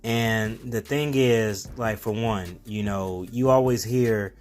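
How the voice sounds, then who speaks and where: Brief: lower-pitched man, casual rambling storyteller, faint background music. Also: slow, a little mellow. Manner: rambling, conversational, many fillers and restarts. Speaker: self-help vlogger.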